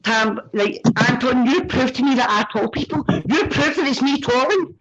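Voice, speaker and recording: A woman's voice: high-pitched, animated, moderate pace, fairly bright tone, breathy edge. A woman in her forties arguing on a live stream, firing back challenges and mocking the others, heard on dull, lo-fi stream audio. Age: 40s. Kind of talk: heated argument on a live stream.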